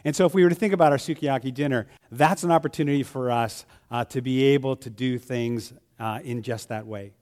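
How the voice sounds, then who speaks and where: A man's voice: brisk, few pauses, darkish tone. A man who leads a church, talking casually to his congregation and telling little stories with quoted voices. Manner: chatty storyteller, acts out quoted voices with a high pitch. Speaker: church leader. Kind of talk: informal church announcement talk.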